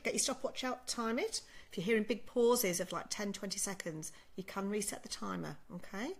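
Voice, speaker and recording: A woman's voice: mid-range voice, fairly bright tone. Woman, middle-aged, sleep consultant, direct instructive advice, frequent check-ins. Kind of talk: advice Q&A talk to parents.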